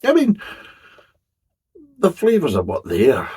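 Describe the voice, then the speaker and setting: A middle-aged man talks his way through a beer review, loose and rambling, with casual swearing along the way. His voice sits very low and sounds rough and deeply husky, with plenty of gravel and fry. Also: animated, normal speed, darkish tone.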